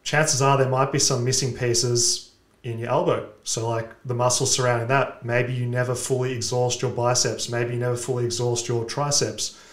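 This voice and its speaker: A male host explaining training methods in a measured, methodical way. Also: mid-range voice, little pitch movement. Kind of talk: instructional explanation. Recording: roomy echo.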